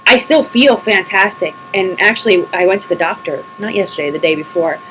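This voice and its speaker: Woman vlogger, chatty and rambling, mid-pitched voice, faint rumble, home computer mic. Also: a little fast, fairly bright tone, rough recording. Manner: chatty and rambling, laughs often. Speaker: vlogger answering viewer questions. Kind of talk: casual chat to camera. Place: empty house, alone at a computer.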